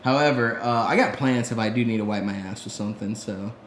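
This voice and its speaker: A man co-hosting a podcast, telling stories in a casual, profane, animated way. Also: lowish voice, fast talker, echoey room, a little hiss or hum. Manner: profane, animated storyteller, heavy swearing. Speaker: podcast co-host. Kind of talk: casual storytelling chat.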